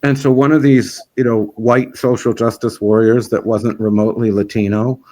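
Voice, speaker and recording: A man's voice: medium pitch, level tone, moderate pace, a little mellow. Frank, rambling man chatting. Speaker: festival organizer. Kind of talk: casual interview chat.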